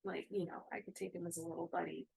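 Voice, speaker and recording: A woman's voice: on the low side, steady tone, fast, gravelly, a little mellow, poor audio. A woman in her thirties, co-hosting a casual chat about cross-stitching, rambling with many fillers.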